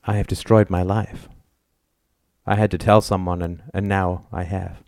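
A man voicing a quiet, despairing woman doctor confessing her guilt in an audiobook. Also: low-pitched, flat delivery, measured pace, vocal fry, no room sound, clean studio sound.

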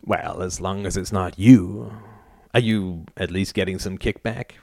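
A man doing a giddy hushed businessman. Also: low-pitched, a little slow, no echo, pitched below the performer's own voice, heavily acted. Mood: teasing. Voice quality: hushed, husky whisper. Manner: crude, giddy. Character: excited middle-aged businessman husband.

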